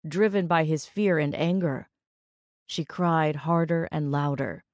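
A woman with a low voice reads an audiobook in a measured, steady way. The sound is dry and close, with no room in it. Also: no echo. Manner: measured, even storytelling. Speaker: audiobook narrator. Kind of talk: scripted narration.

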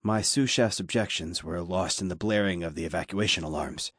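A man reading a story aloud as an audiobook narrator, steady and measured. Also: deep voice, husky, no echo, clean studio sound. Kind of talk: scripted narration.

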